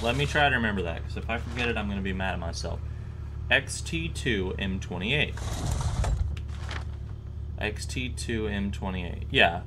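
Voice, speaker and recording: A man's voice: on the low side, noisy background. Chatty young man playing a game. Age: young adult. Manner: chatty, repeats plates aloud, nervous. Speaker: gaming YouTuber. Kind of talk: live game commentary.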